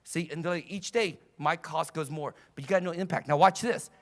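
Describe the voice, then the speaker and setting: A man giving a motivational seminar as a coach, fiery and loud, shouting and swearing to rouse his audience. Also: fairly high pitch, normal speed. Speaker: coach and trainer. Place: live seminar in front of an audience.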